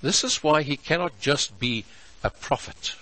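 A man preaching a sermon as pastor, measured and emphatic, stretching out his key words. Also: fairly high pitch, animated, a bit bright, rough recording. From South Africa.

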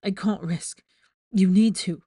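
A woman reading a frantic teenage boy wizard who pleads in an urgent, hushed voice. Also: mid-range voice, fairly even intonation, takes it slowly, husky, no echo, clean studio sound. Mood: pleading.

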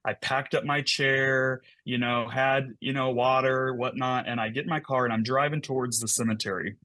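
A man, a podcast guest, telling an emotional personal story in a fast, animated way, often repeating words. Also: mid-range voice, no echo.

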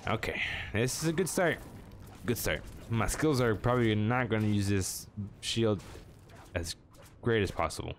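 A young man with a low voice gives live commentary over his own game at home. His pitch swings widely as he jokes at himself and taunts opponents. Faint noise sits behind him. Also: normal speed, pauses often. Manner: animated, self-mocking, talks to opponents. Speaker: gaming channel host.

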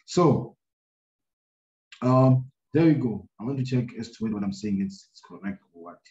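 A man's voice: medium pitch, expressive, normal speed, a little mellow. Lo-fi, roomy man explaining maths. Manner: thinking aloud, many fillers and repeated "right?". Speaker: maths teacher. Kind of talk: screen-recorded maths lesson. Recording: roomy, dull lo-fi sound.

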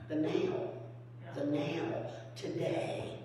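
A woman's voice: unhurried, darkish tone. Lady pastor preaching homey stories, super echoey church, mic way off. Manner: storytelling, acts out phone calls and quotes in a high voice. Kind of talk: folksy sermon. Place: church sanctuary. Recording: very echoey hall from far off with faint hum.

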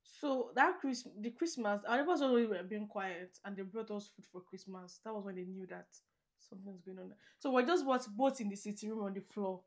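A chatty woman talks to her vlog viewers. She is heartfelt and open. Her voice sits at a middle pitch. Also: a little fast. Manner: chatty, laughs often, heartfelt. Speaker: vlogger. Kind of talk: casual vlog chat. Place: living in Greater Manchester, UK.

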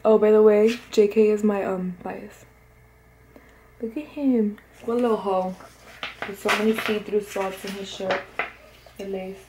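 A woman's voice: mid-range voice, a little slow, pauses often. Young woman, stuffy cold voice, gushing unboxing chat, squeals and gasps, echoey room, faint hiss. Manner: excitable, gushing, often confused, with sudden squeals and gasps. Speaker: vlogger unboxing an album. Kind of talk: casual unboxing chat to camera.

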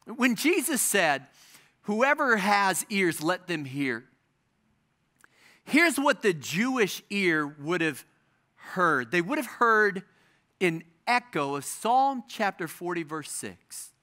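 A middle-aged male pastor preaching a sermon, stressing his points with repetition and dramatic pauses. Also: high-pitched, very animated, pushed and bright.

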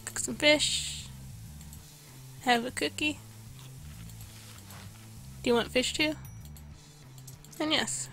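Casting: higher-pitched woman, casual gameplay narration, game music underneath. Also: fairly even intonation, slow, long pauses, sharp tone. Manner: chatty, reads out orders to customers while playing. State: losing her voice. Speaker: gameplay video host. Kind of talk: casual let's-play commentary.

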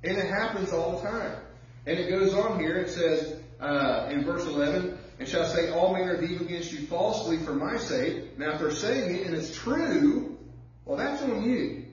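Male pastor, fairly high voice, folksy storytelling sermon, recorded from far back in a very echoey church with dull sound. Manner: conversational preaching with personal stories, drawling slow emphasis.

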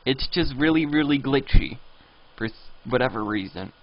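A man's voice: medium pitch, expressive, normal speed. A man streaming a video game live, rambling and reading signs and chat messages aloud. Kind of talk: live gameplay commentary. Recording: dull lo-fi stream audio.

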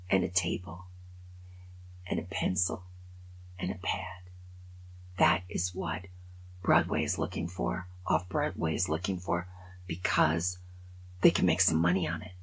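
A woman over 65, vlogging in a chatty, animated way as she comments on stories, and often drops to a whisper. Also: fairly low pitch. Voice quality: gravelly and raspy. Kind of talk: casual monologue commenting on news stories.

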